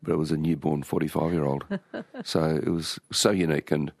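A man's voice: a bass voice, fairly even intonation, fairly quick, creaky, darkish tone, no echo, studio quality. An older Australian man, an author being interviewed, telling stories in a rambling way with many restarts. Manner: rambling, with frequent restarts and storytelling. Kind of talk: relaxed conversational interview.

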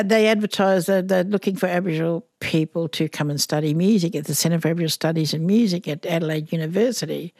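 A woman's voice: on the low side, no echo, studio quality. An older Australian woman, a musician, telling a story in an interview and acting out the voices in it. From northern Queensland, Australia. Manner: animated, acts out voices in her anecdotes. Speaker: musician guest.

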